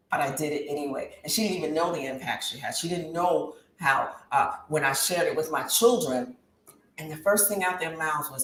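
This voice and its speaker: A woman in her thirties, a guest talk show host, gives an impassioned interview testimony in a deep, animated voice at normal speed, rising and falling like a preacher. The recording has a roomy echo and faint background hiss.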